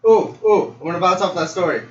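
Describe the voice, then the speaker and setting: A man co-hosting a podcast, chatting excitably and cracking jokes. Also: high voice, quick pace. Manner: excitable, jokey interjections. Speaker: podcast co-host. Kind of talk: casual chat. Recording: roomy, distant, lo-fi audio with faint hiss.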